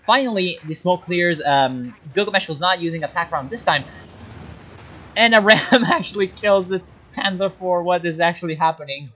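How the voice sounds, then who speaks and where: A game caster talking through a strategy game replay, explaining mechanics and then breaking into exasperated shouting at the players. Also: medium pitch, normal speed, lo-fi sound.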